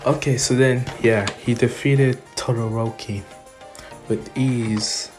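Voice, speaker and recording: Brief: young male fan storyteller, relaxed and opinionated, unhurried delivery. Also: medium pitch, soft background music. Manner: chatty, opinionated, with fillers. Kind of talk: casual what-if storytelling.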